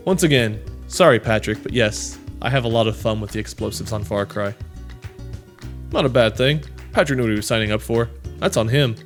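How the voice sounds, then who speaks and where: A man's voice: medium pitch, animated, fairly quick, soft background music. A man reading viewer comments aloud and chatting casually, in a rambling, self-deprecating way with many fillers. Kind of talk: casual chat.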